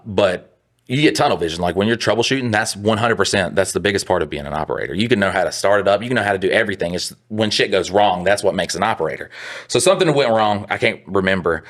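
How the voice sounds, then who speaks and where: A man's voice: on the low side, a bit bright. A young adult man co-hosting a podcast, rambling through a profane work story in casual chat. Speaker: podcast co-host.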